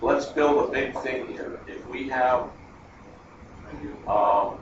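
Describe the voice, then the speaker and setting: A man with a mid-range voice takes his time giving a classroom math lecture at the board, chatting, digressing and thinking aloud. A distant lo-fi mic captures the noisy, echoey room.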